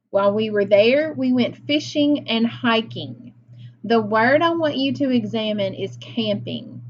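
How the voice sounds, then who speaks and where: A woman teacher leading a phonics lesson for young children, slow and encouraging, pausing for their answers. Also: fairly high pitch. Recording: slightly dull lo-fi sound with faint noise.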